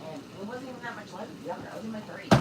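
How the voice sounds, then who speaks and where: A woman's voice: mid-range voice, lively intonation, racing, heavy background noise. A woman in her forties hosting a casual livestream from her kitchen, talking candidly and emotionally and swearing freely, close to tears. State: tearful. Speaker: livestream host. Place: home kitchen.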